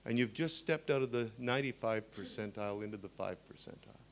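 A man in his sixties preaching a sermon, telling stories with humorous asides and animated emphasis. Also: lowish voice, quick pace, creaky.

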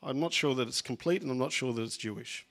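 A man's voice: medium pitch, fast, fairly bright tone. A man preaching a conversational sermon, often repeating words and using fillers as he goes.

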